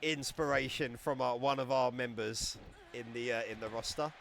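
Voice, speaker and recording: A man giving casual, excitable live-stream commentary on a wrestling game, chatting and laughing as he goes. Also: medium pitch, normal speed, gravelly, a little hiss or hum.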